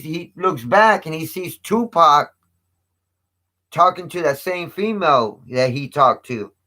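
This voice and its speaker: A man's voice: on the high side, pushed and bright. A man casually retelling a story in street slang with heavy cursing, raising his voice when quoting others. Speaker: channel host. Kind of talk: casual storytelling to a live chat.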